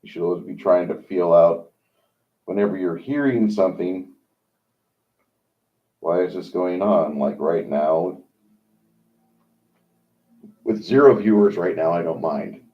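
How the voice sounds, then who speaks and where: A man hosting a livestream, talking in a rambling, opinionated monologue with many halts. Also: sits low. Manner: rambling, opinionated, halting with fillers. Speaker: livestream host. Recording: dull lo-fi sound.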